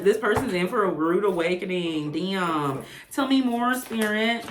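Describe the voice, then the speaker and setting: A woman giving a casual tarot reading to camera, chatty and animated, with blunt, profane asides. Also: mid-range voice, measured pace, hardly any pauses, roomy sound, slight background noise. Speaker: tarot reader.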